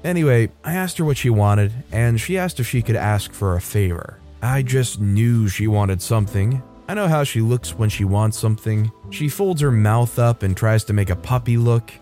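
A man reading an online story aloud in first person, in a steady, matter-of-fact way. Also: fairly low pitch, normal speed, hardly any pauses, soft background music. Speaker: story narrator. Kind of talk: scripted narration of a reddit story.

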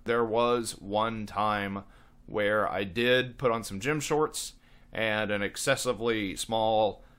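A man chats about his voice acting work in a casual, rambling interview. His tone is bright and forceful, and he is self-deprecating. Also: fairly low pitch, takes it slowly, smooth. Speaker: voice actor.

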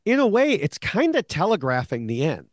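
A man's voice: on the high side, huge pitch swings, normal speed, dry recording, studio quality. A man co-hosting a podcast, recapping episodes in casual chat with many fillers and restarts. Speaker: podcast co-host, longtime show analyst.

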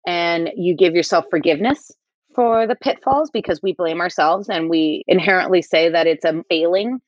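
A woman's voice: lowish voice, no room sound, highs cut off. A woman co-hosting a podcast, talking in an earnest, encouraging and reflective way. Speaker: podcast co-host. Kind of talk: casual podcast chat.

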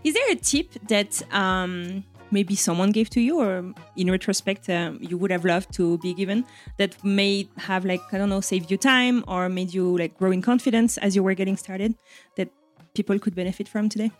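A woman with a French accent hosts a podcast interview in a friendly, easygoing way, quick to laugh. Her voice sits at a middle pitch, with faint music behind her. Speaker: podcast host.

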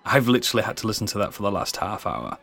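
A man's voice: fairly low pitch, sing-song, very fast, gravelly, fairly bright tone, soft background music. Sarcastic man playing a tabletop game. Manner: dry, sarcastic banter. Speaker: player. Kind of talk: tabletop role-play, playing his character.

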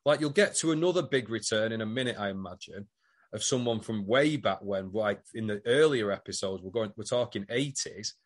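A man's voice: lowish voice, animated, brisk. A man co-hosting a podcast in casual, rambling chat. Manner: chatty, rambling, with fillers. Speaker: podcast co-host.

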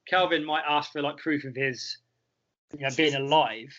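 Man, casual football podcast, bright, wry, rambling, muffled lo-fi sound. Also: a little high, fairly even intonation, moderate pace. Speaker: podcast co-host. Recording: dull lo-fi recording.

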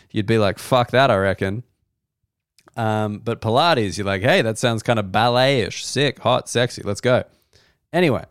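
An Australian comedian hosting a solo podcast, telling loose, profane stories with mock-excited outbursts. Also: male voice, mid-range voice, clear, resonant tone, no echo, studio quality. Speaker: comedian host.

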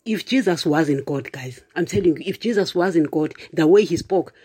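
Speaking at a moderate pace, a preacher chats loosely with online viewers instead of giving a formal sermon. His middle-pitched voice is husky with a darkish tone, and he keeps addressing listeners with "you know" and "guys," laughing often and driving points home with emphatic asides.

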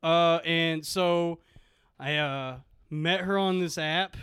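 A man on a comedy podcast telling a story in a halting, deadpan way, full of fillers. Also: on the high side, clean tone, dry recording, clean studio sound. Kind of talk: casual storytelling chat.

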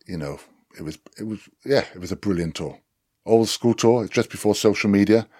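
A man with a Welsh accent, a former rugby player, telling lively anecdotes as a podcast guest with swearing and laughs. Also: on the low side, brisk, dry recording, studio quality. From Wales. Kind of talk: casual storytelling chat.

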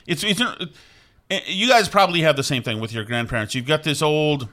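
A middle-aged man talks in a loose, rambling chat, circling back on himself with restarts and asides. His voice sits a touch high for a man and rings bright and forward. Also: expressive, fairly quick. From Vermont. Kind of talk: casual chat.

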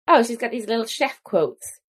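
A woman's voice: on the high side, animated, normal speed, husky. A young woman with an Irish accent, co-hosting a casual podcast chat about a cookbook, chatty and laughing often. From Ireland. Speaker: podcast co-host.

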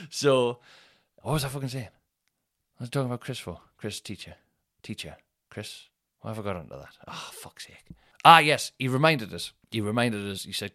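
A man's voice: mid-range voice, animated, fairly quick, fairly bright tone, no echo, studio quality. A man, a comedian chatting alone on his podcast in a rambling, self-mocking way with plenty of swearing. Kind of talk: casual solo podcast chat.

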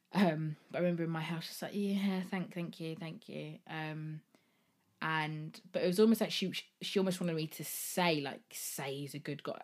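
A woman hosting a solo podcast, talking candidly and rambling, swearing freely as she goes. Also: low-pitched. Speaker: podcast host.

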